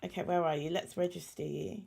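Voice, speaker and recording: A game streamer chats casually while she plays, talking to herself and to the animals in the game. Her voice sits on the low side with little pitch movement, and it comes across as fairly quick, creaky and mellow.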